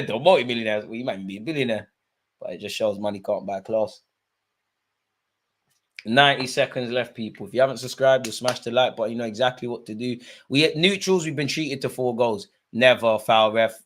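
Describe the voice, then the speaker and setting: A man hosting a live football watch-along, chatting to viewers and shouting at players and the referee. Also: medium pitch. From Eritrean heritage. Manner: excitable, shouts at players and ref; chatty, joking asides. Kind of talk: live match commentary to viewers.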